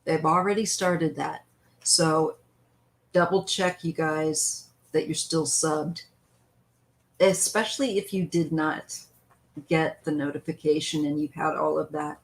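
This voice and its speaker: Woman tarot reader hosting a live stream, lower pitch, very slow pace, chatty and rambling. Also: steady tone, rough recording. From western United States. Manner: chatty, meandering, greets viewers by name. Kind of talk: casual live-stream chat and tarot reading.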